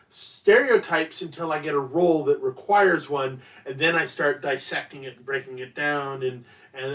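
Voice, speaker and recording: A man, a theater director, hosting an interview and talking in a relaxed, reflective way about acting. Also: mid-range voice, recorded from a distance. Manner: relaxed, reflective, frequent uh fillers. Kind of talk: casual interview chat.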